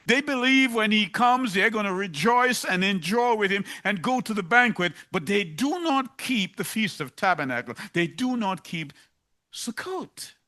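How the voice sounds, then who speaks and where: A man's voice: high voice, lively intonation, moderate pace, hardly any pauses, sharp tone. A man preaching a sermon, emphatic and driving points home by repeating them.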